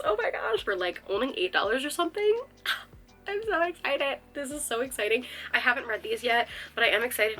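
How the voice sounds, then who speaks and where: A woman's voice: mid-range voice, bright, forceful tone, low-quality recording. A young woman chatting casually as a book vlogger, gushing and rambling with lots of fillers. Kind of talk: casual chat.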